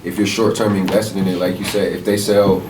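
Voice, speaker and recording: A man's voice: deep voice, little pitch movement, a little fast. A man in casual conversation, thinking aloud and asking questions. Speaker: music producer guest. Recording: roomy, distant mic, noisy background.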